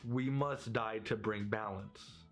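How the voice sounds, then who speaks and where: A man voicing a calm, solemn adult male Jedi spirit, speaking in a low, hushed, reassuring way. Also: slow, faint music behind.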